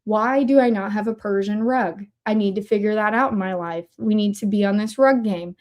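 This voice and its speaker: A woman's voice: mid-range voice, normal speed, muffled recording. A woman hosting a casual commentary livestream, who talks in a chatty, rambling way and often interrupts herself. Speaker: livestream host.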